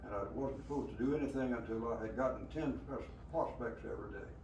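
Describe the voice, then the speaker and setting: An elderly man in his nineties with a Southern American drawl recounts his working life, pausing on "uh"s and chuckling as he goes. He sits back from the microphone in a roomy space with faint noise behind him. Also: mid-range voice, a little mellow, recorded from a distance, muffled recording. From rural Alabama. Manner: rambling storyteller, many hesitations and chuckles. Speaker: veteran being interviewed. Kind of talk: storytelling interview.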